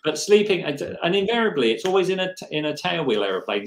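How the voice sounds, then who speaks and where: A man's voice: fairly high pitch, big pitch swings, fast. A man co-hosting a livestream chat on a video call, eager and self-mockingly nerdy, often restarting his sentences. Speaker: livestream co-host. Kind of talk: casual chat. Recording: echoey room.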